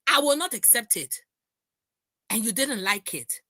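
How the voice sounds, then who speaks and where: A woman's voice: a little high, animated, a little slow, long pauses, bright, forceful tone, dry recording, studio quality. A middle-aged woman hosting a livestream, ranting in a confrontational way and repeating her lines. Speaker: livestream host. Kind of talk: heated livestream rant.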